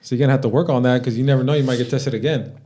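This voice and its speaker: A man's voice: medium pitch, steady tone, racing, warm tone. A young adult man co-hosting a casual podcast, talking in a laid-back way and swearing freely. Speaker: podcast co-host. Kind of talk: casual chat.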